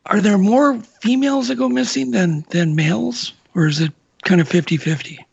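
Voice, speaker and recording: A man's voice: high-pitched, moderate pace, creaky, husky, highs cut off. A male co-host asking a radio guest curious questions.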